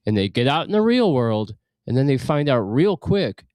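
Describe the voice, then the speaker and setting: A man's voice: mid-range voice, very animated, normal speed, darkish tone, dry recording, clean studio sound. A man co-hosting a radio show in casual chat, blunt and opinionated, laughing now and then as he talks. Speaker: radio co-host.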